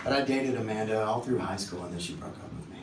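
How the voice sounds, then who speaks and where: A man's voice: on the low side, fast talker, heavy background noise. A man telling funny stories on stage between songs at a concert, acting out voices as he goes. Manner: animated, joking, acts out voices. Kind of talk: live storytelling between songs. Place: concert venue. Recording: echoey live room from a distance.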